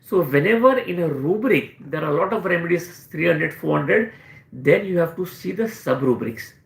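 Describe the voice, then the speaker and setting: A man's voice: fairly high pitch, animated, normal speed, gravelly, echoey room. A man with an Indian English accent, a homeopathic doctor answering questions and teaching in a live session, explaining with repeated emphasis.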